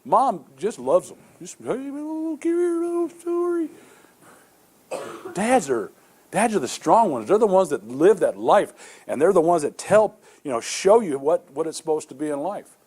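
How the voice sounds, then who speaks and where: A man's voice: on the high side, very animated, normal speed, a little mellow, husky. A middle-aged male pastor preaching a sermon, telling stories earnestly with many repeated restarts.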